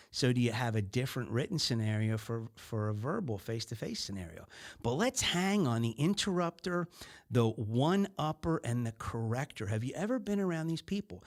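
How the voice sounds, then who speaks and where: A middle-aged man hosting a podcast in a casual business-talk style, who acts out little scenes in other voices. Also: mid-range voice. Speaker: podcast host.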